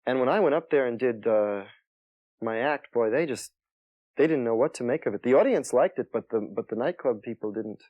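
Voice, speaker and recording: A soft-spoken male comedian telling stories in an interview, halting and restarting as he talks. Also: mid-range voice, animated, no echo, muffled recording. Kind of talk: interview storytelling.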